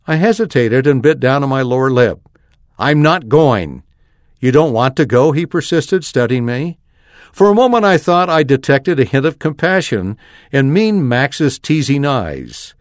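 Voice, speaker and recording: Male reader, first-person story narration, animated, mid pitch. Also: normal speed, dry recording, clean studio sound.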